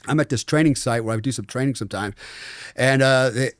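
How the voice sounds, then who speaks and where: A man's voice: mid-range voice, a little fast, dry recording, clean studio sound. Middle-aged American man telling a war story. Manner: animated storyteller, profane, acts out quoted people. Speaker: podcast guest, former special forces operator. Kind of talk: casual storytelling interview.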